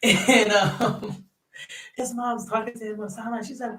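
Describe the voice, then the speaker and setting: A man's voice: extremely high pitch, fairly even intonation, normal speed, bright, forceful tone. A young man chats animatedly about coaching kids, laughing often and leaning on fillers. He sits some distance from the mic. His voice carries a noticeable room echo. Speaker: youth basketball coach and third-grade teacher. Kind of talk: casual interview chat. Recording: roomy sound from off-mic.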